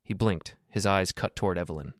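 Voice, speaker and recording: Calm deep-voiced male story narrator. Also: a little fast, no room sound, studio quality. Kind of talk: first-person story narration.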